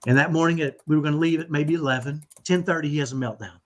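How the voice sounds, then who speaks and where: A middle-aged man, a podcast guest, telling a story in animated conversation and tagging sentences with "right?". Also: on the high side, fast. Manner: animated, repeats "right?" often. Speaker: podcast guest, autism dad.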